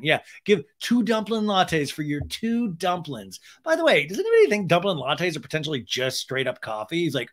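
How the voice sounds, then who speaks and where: A man's voice: fairly high pitch, normal speed. Gossipy man hosting a recap podcast. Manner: animated and gossipy, with frequent restarts. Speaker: podcast host. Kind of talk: casual reality TV recap commentary.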